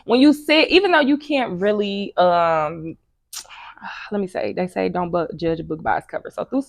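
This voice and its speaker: A woman's voice: medium pitch, moderate pace, creaky, no echo. A young woman who is a mother of children, talking candidly as a podcast guest. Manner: candid, conversational. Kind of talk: casual chat.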